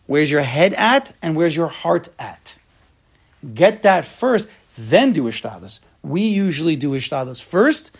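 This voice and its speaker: A man with a gravelly, husky voice pitched a touch above the usual, leading an informal religious lesson. He talks straight to his class and jumps into lively acted-out quotes as he teaches.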